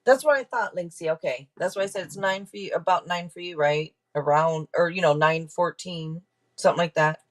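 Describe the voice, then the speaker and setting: A woman's voice: on the low side, brisk. A woman hosting a tarot live stream, talking casually with viewers, thanking donors and restarting her sentences as she goes. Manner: chatty, thanks donors and checks in with chat, trails off and restarts. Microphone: camera mic.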